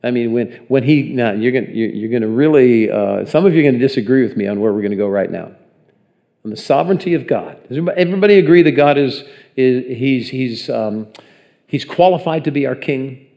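A man's voice: medium pitch, animated, brisk, creaky, dull audio. A man preaching a sermon in a conversational way, often putting questions to the congregation. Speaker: pastor.

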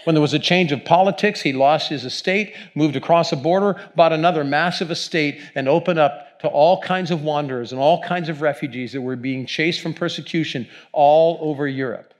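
A man's voice: a little high, brisk, few pauses. A male pastor preaching a sermon in a conversational, storytelling way, with asides to the congregation.

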